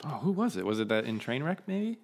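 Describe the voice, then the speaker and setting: Man, podcast co-host, casual chat, lively swooping voice, chatty and playful. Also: medium pitch, fast talker, gravelly.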